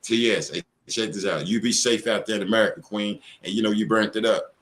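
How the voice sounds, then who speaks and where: A middle-aged man hosting a live stream with a lowish voice. He rambles casually, full of slang and profanity. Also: fairly quick, fairly bright tone.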